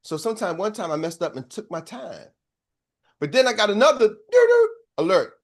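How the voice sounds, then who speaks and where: With a high-pitched voice and big swings in pitch, a middle-aged man talks at normal speed. He's a sales coach giving a motivational speech, preachy and full of stories, calling out to the audience.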